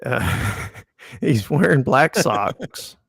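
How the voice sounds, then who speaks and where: A man who guides fishing trips tells an anecdote about a customer in an easygoing, wry way. His voice has a gravelly texture at a middle pitch. The sound is dry and close, with no room sound. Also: lively intonation, extremely slow, a bit bright, no echo. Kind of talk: casual storytelling chat.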